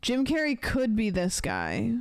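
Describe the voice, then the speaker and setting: A woman's voice: fairly high pitch, wildly swooping pitch, measured pace, gravelly, no room sound, clean studio sound. A young adult woman streamer in casual chat, rambling and playful and swearing now and then. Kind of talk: casual chat, ranking celebrities' texting habits.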